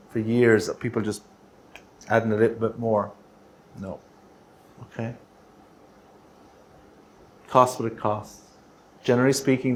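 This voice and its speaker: A middle-aged Irish man presenting a workshop in a meeting room, chatty and teasing, ending his points with a quick "right?". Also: medium pitch. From Ireland. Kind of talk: joking workshop talk.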